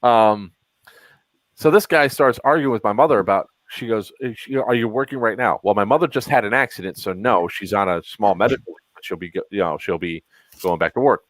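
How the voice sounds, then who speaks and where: A man's voice: on the low side, brisk, no echo, low-quality recording. A man in his thirties hosting a podcast, telling a story in an exasperated, casual way and acting out both sides of the dialogue. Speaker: podcast host. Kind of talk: casual chat.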